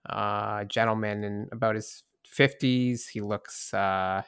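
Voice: sits low, steady tone, slow pace, a bit bright, clean tone, no room sound, clean studio sound. A game master narrating a tabletop game in a hesitant way, with many restarts.

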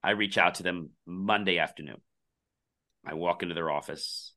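A man's voice: low-pitched, normal speed. A man who founded a company, telling a long anecdote as a podcast guest and acting out the dialogue of the people in it. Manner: animated storyteller acting out quoted dialogue. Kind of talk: anecdotal storytelling in a conversation.

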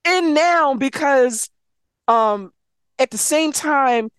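A woman casually retelling a novel's plot, animated, swearing freely and slipping into quick voices for the characters. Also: high voice, no echo, clean studio sound. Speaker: book recapper.

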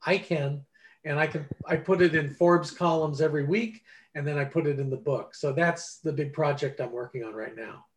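A man's voice: on the high side, normal speed. A man over forty, an author and ghostwriter, talking casually in an interview and acting out quoted conversations as he tells stories. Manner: animated storyteller, acts out quoted dialogue.

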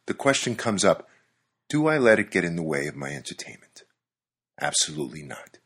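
A man with a very low, husky voice who reads a scripted monologue. His delivery is wry and conversational, with an amused edge. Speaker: commentator.

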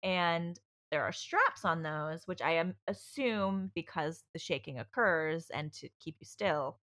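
Bright, low-voiced woman telling a story. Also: lively intonation, measured pace. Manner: rambling, candid storytelling with many fillers and restarts; swears freely. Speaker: podcast host telling her birth story. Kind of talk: casual chat.

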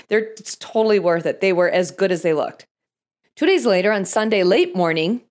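A woman's voice: medium pitch, darkish tone. A middle-aged woman hosts a podcast and tells her own story. She is wry and self-deprecating as she builds toward a lesson from Scripture. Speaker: podcast host. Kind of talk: storytelling podcast with Bible teaching.

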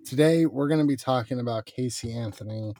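A man's voice: medium pitch, brisk, mellow, no echo. A man hosting a podcast in casual chat, conversational, with many "you know" fillers. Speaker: podcast host.

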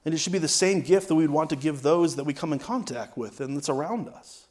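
A man, a pastor, preaching a conversational sermon, often asking "right?" and shifting his loudness for emphasis. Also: fairly high pitch, expressive, fairly quick.

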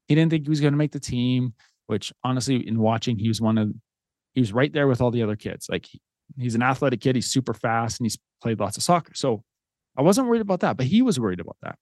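A man's voice: medium pitch, darkish tone, dry recording. A man in his thirties, a podcast host, telling a personal story in an earnest, conversational way with fillers. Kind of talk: casual storytelling.

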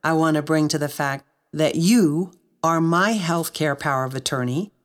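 A woman hosting a podcast speaks earnestly to her guest and listeners in a heartfelt interview, choked up with emotion. Her voice is deep and her pace moderate.

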